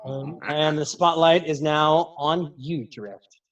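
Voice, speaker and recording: Man, game master, tabletop game narration, chatty, high voice, distant dull sound. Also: steady tone, slow. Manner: loose, chatty narration with many fillers.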